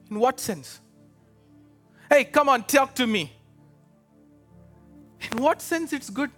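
A man with a high, bright voice preaches a fervent sermon, calling out to his congregation and pressing them to answer. Soft music runs underneath his voice. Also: lively intonation, takes it slowly, long pauses. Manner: fervent, exhorting, calls out to the congregation. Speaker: pastor. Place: church with a live congregation.

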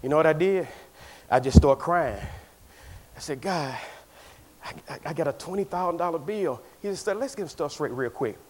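A pastor preaching to his church in a high, animated voice. He swings from loud exclamations down to quiet, confiding asides, and his pitch leaps all over the place. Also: normal speed, pauses often. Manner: preaching with swings between shouts and hushed asides. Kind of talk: sermon.

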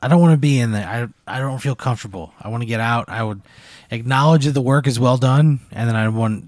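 A man's voice: mid-range voice, fast talker, darkish tone, no echo. A man on a podcast answering a hypothetical, emphatic and profane with stammering restarts. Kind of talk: casual chat.

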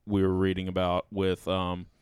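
A man's voice: low voice, monotone, moderate pace, darkish tone, clean tone, no echo. A man co-hosting a casual movie chat, dry and opinionated. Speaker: podcast co-host.

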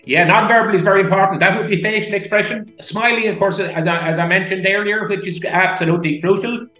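A man's voice: high-pitched, fairly even intonation, bright, forceful tone, roomy sound, soft background music, low-quality recording. An Irish man, a public speaking coach, talking enthusiastically and emphatically in a podcast interview. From Ireland. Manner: enthusiastic, emphatic, demonstrative pauses.

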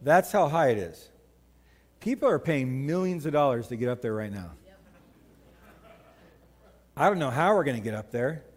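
A man's voice: medium pitch, moderate pace, pauses often, long reverb tail. A man preaching a sermon as pastor, conversational and joking, telling stories to the congregation. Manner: conversational, joking, animated storytelling. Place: church sanctuary.

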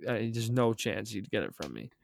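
A man's voice: fairly low pitch, very animated, normal speed, creaky. A young man from Calgary co-hosting a podcast, telling a story casually with lots of "like" fillers and some irritation. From Calgary, Canada. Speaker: podcast co-host. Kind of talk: casual chat.

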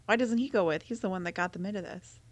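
A woman's voice: medium pitch, fast, no echo. A woman podcast co-host in casual chat, reacting bluntly and swearing freely.

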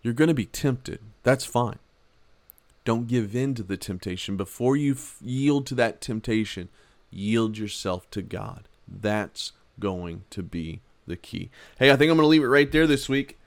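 A man teaching a Bible lesson on his podcast, telling a self-mocking everyday story in a conversational way, then gently urging listeners on. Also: mid-range voice, expressive, measured pace, no echo. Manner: earnest, gently exhorting. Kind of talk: casual devotional podcast talk.

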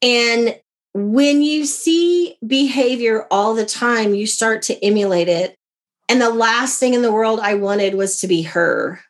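Animated woman guest telling a story. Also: a little high, unhurried. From America. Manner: animated, acts out quoted dialogue. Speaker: guest, author. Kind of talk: conversational interview storytelling.

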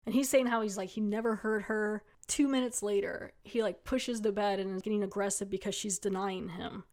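A woman hosting her own podcast, retelling an episode in a loose, chatty way, full of fillers and little laughs. Her voice sits at an ordinary middle pitch for a woman. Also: fairly even intonation, a little fast, a little mellow. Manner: chatty, lots of "like", laughs often. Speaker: podcast host reviewing a TV episode. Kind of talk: casual spoken recap.

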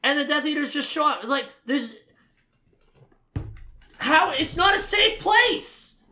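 Man ranting about a movie, swearing, lively pitch, bright tone. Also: takes it slowly, a little hiss or hum. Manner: profane, ranting, swings from heated shouting to muttering. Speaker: podcast co-host. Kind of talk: casual movie review chat.

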